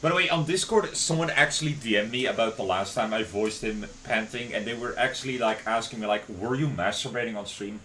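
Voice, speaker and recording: A man's voice: medium pitch, a little fast, hardly any pauses, slight background noise, poor audio. A young man streaming live, narrating a visual novel aloud and breaking off for playful asides. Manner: expressive, swings between narration and playful asides.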